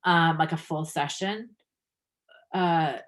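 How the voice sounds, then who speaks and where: An adult woman who has been practicing for five years appears as a guest coach in a podcast interview, speaking slowly in a deep voice. She comes across as earnest and uses many fillers, but livens up when telling anecdotes about her classes.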